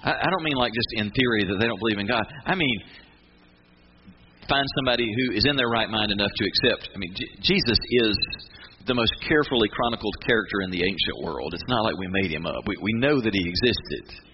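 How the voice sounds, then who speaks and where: A man preaching a sermon in an emphatic voice, breaking off and restarting as he drives his points home. The recording is a bit dull and muffled, with noise hissing clearly behind him. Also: lowish voice, expressive. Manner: emphatic, with many restarts and dramatic pauses. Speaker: pastor. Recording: muffled with noticeable background noise.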